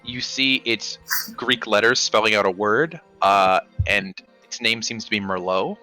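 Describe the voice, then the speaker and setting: A man's voice: lowish voice, measured pace, bright, forceful tone, soft background music, rough recording. A man narrating as dungeon master of a tabletop game, describing scenes with frequent ums and restarts. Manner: descriptive, hesitant with many ums.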